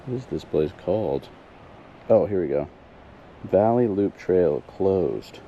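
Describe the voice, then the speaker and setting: Streamer guy on a trail, lively up-and-down delivery, self-deprecating chatter over noisy outdoor mobile audio. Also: sits low, slow, lo-fi sound. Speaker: live streamer. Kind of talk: live-streamed hiking vlog, chatting with viewers. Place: outdoor hiking trail in a wooded valley.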